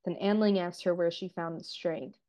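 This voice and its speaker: A woman co-hosting a podcast, casually recapping and discussing a TV episode in a relaxed, chatty way full of fillers. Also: fairly low pitch, normal speed. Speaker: podcast co-host.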